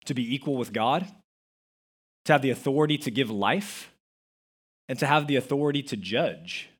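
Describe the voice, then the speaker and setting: A pastor preaches a sermon in a mid-range, slightly rough voice at a normal speed. He tells stories, acts out the quotes, and emphatically stresses key words.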